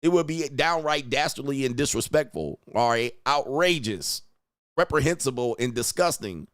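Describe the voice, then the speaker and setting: A man's voice: mid-range voice, expressive, normal speed, a bit bright, dry recording. A man hosts a talk show and reacts to clips with blunt, profane mockery. His voice sits in a middle register. It is recorded on a close, dry mic with no room sound. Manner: blunt, crude, mocking, acts out quoted voices. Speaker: host reacting to video clips. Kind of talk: profane commentary on relationships.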